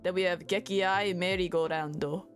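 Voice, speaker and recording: A woman's voice: fairly low pitch, steady tone, moderate pace. A woman hosting a casual vlog, chatting through her music stats and stumbling over foreign titles with self-deprecating jokes. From Canada. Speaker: VTuber host.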